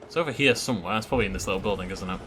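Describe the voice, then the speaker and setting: A man's voice: lowish voice, very fast, background noise. A man chatting and joking as he plays through a video game, thinking aloud as he goes. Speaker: gaming YouTuber. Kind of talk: let's play commentary.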